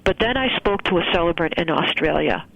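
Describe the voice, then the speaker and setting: A woman's voice: on the low side, expressive, a little fast, vocal fry, a bit bright, no room sound, dull audio. A woman guest, a wedding and funeral celebrant, telling a personal story in a chatty way with many fillers. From United States. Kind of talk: casual storytelling interview.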